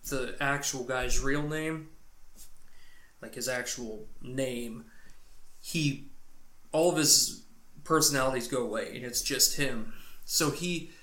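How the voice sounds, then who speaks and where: A man's voice: mid-range voice, slow, long pauses, pushed and bright. Man rambling through a profane movie recap. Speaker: podcast co-host. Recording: roomy echo.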